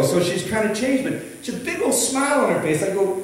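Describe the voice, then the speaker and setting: High-voiced man telling a story from the pulpit. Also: quick pace. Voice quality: animated, rambling storyteller with many restarts. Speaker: pastor. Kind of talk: storytelling sermon. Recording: echoey hall from far off.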